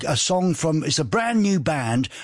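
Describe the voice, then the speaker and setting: A man's voice: fairly high pitch, big pitch swings, normal speed, no echo, clean studio sound. A man hosting a radio show in a chatty, rambling, jokey way, reading out listener messages. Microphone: studio microphone.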